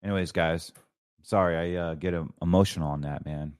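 A man's voice: low-pitched, fairly even intonation, brisk, clean tone, dry recording, studio quality. A man hosting his own show, talking about markets and faith in a fervent, preachy, rambling way with many restarts. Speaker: show host. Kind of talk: casual financial commentary.

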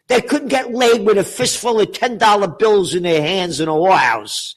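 An older man, an author reading from his book and breaking into profane, shouted rants. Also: high-pitched, sing-song, normal speed, hardly any pauses. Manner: profane ranting with shouted outbursts.

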